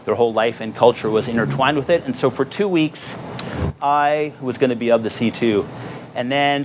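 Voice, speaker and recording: A man giving a relaxed, conversational presentation at a marina event, telling expedition stories with lots of fillers. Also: medium pitch, slight background noise. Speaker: guest speaker on an expedition. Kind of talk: storytelling presentation.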